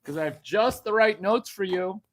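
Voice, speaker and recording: A man doing a brash stand-up monologue, jumping from hushed asides to sudden loud outbursts. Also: high-pitched, normal speed. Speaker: comedian.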